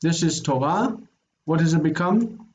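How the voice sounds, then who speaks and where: A man teaching a Biblical Hebrew grammar lesson, explaining patiently and slowing down to spell out word forms. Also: a little high, expressive, a little mellow, dull audio.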